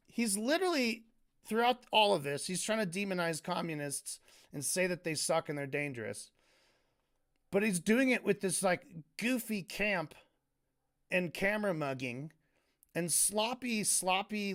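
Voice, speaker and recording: Sarcastic high-voiced man ranting. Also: a bit bright. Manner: exasperated, sarcastic, swearing. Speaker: streamer. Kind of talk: casual commentary rant.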